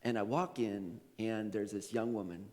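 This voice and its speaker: A man's voice: lowish voice, steady tone, normal speed, dark tone, big-room sound. A male pastor preaching a sermon, telling a story with laughs and quoted voices. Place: church sanctuary.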